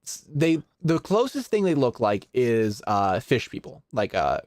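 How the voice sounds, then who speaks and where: A man's voice: medium pitch, big pitch swings, a little slow, darkish tone, no echo, studio quality. Laid-back male game master. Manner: casual, laughs often, many fillers. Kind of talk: narrating a tabletop game.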